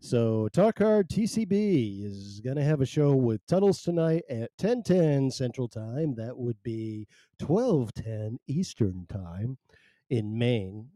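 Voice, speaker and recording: Slow, mellow-voiced man hosting a show. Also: mid-range voice, no room sound, studio quality. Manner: rambling, jokey, self-mocking. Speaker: host. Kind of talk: casual live talk show chat.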